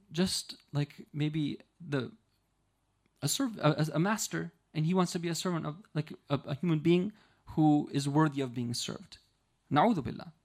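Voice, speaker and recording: A man giving an Islamic lecture, retelling a story in a conversational way and often checking in with the listeners. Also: high voice. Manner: conversational, with frequent rhetorical "right?" checks.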